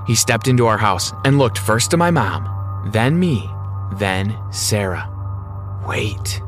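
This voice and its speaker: A man's voice: lowish voice, very animated, measured pace, soft background music. Man reading a first-person story.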